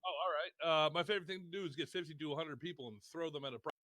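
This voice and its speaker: Male voice-chat guest, quick, slightly high, blunt and self-mocking. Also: fairly even intonation, bright, forceful tone, dry recording. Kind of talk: casual chat.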